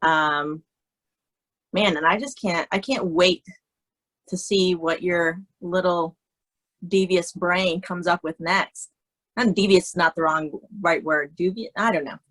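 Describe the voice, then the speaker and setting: A woman's voice: on the low side, fairly even intonation, a little slow, fairly bright tone, low-quality recording. A woman, a makeup artist, talking in a casual conversation, chatty and laughing, often restarting her sentences. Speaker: guest, cosmetologist and makeup artist.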